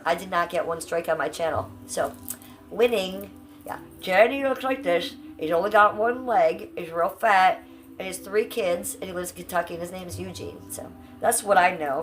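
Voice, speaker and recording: A woman's voice: fairly low pitch, fairly quick, soft background music. A woman from Ohio streaming live from home, chatting with her viewers in a blunt, brash, profane way. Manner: chatty, talks straight to chat. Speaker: livestreamer. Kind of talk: casual livestream chat with viewers.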